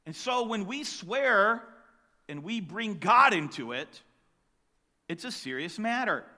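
A man preaching a sermon, emphatic, with loud rising bursts on key lines. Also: high voice, big pitch swings, takes it slowly, long reverb tail. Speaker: pastor.

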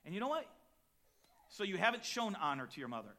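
A man preaching a sermon as pastor, dynamic, shifting between quiet reflective lines and loud emphatic ones, telling personal stories with acted-out quotes. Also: high-pitched, very animated, fairly quick. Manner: storytelling with acted quotes and chuckles.

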